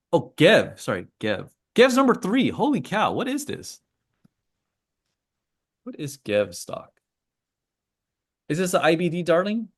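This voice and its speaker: A man's voice: fairly high pitch, gravelly. A man hosting a casual trading call, rambling through charts with joking asides and lots of fillers. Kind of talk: casual screen-share commentary.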